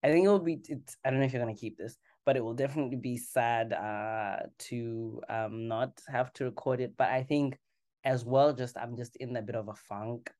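Woman with a very low, deep voice. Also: normal speed, dark tone. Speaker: podcast co-host. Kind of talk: casual chat.

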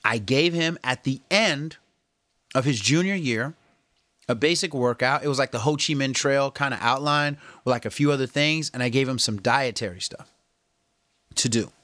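A man's voice: medium pitch, normal speed, dry recording. A man talking casually to viewers, coaching and encouraging them about health, with slangy, earnest delivery. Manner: earnest, coaching, slangy, animated when quoting others. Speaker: fitness and health vlogger. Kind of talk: casual motivational talk to camera.

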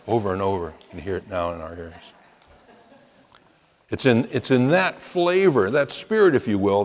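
A man's voice: lowish voice, in a large hall. A man preaching a sermon as pastor, rising into emphatic chanted quotes.

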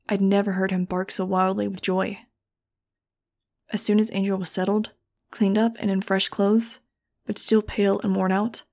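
Flat-toned woman reading a novel aloud. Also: medium pitch, creaky. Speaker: audiobook reader. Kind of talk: first-person novel narration.

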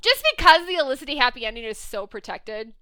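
A middle-aged woman in casual podcast chat, animated, swearing freely and acting out quotes with laughs. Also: on the high side, fast, no room sound, clean studio sound.

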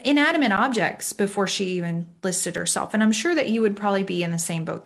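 A middle-aged woman speaks at home in a loose, rambling way, full of fillers and asides. She is candid and a little self-mocking, and she gently urges her listeners on. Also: medium pitch. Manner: chatty and rambling, lots of "like" fillers; candid, self-deprecating, encouraging. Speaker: faith-based self-esteem speaker. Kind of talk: casual talk to camera. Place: home room.

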